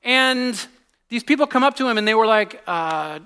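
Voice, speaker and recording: A man in his forties giving a conversational sermon as a pastor, telling stories with lots of restarts and sinking to a hushed voice on serious points. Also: very high voice, normal speed, clear, resonant tone. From United States. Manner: animated storytelling, drops to a hushed voice on serious points, many restarts.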